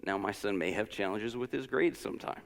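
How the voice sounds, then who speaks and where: A man delivers a relaxed, conversational church lesson with a low, gravelly voice. He talks informally, drifting into personal stories and encouraging asides. A long reverb from the sanctuary hangs behind his words. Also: a little fast. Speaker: lesson speaker at a church service. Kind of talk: conversational sermon.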